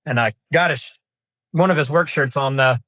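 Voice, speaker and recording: In a casual storytelling interview, a young Kansas man who hunts deer rambles through a long hunting tale as a podcast guest, folksy and full of fillers and restarts. He speaks a little fast in a bright, forceful, mid-range voice with no echo.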